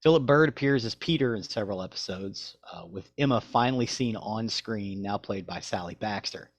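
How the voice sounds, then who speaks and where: Man, podcast co-host, lowish voice, dry close sound, reads notes then chats. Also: moderate pace, no room sound. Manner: reads facts aloud, then chats loosely. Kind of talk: reading show notes and casual chat.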